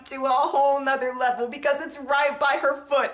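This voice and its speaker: A young man telling a story on his vlog, animated and full of swearing, swinging from hushed to yelling. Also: extremely high pitch, normal speed, echoey room. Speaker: vlogger.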